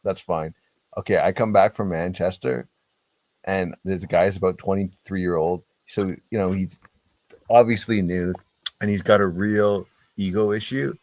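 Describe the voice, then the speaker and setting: A man chats on a podcast. He tells stories with swearing and animated conviction. The sound is dry and close. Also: sits low, moderate pace, no echo. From Canada. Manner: profane, animated storyteller. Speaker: podcast guest. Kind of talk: casual podcast chat.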